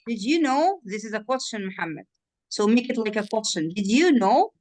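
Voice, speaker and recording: A woman's voice: fairly high pitch, animated, a little fast, a little hiss or hum. A woman, a native Arabic speaker, tutoring in English over a video call, patiently drilling words and checking the student understood. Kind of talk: one-on-one online lesson.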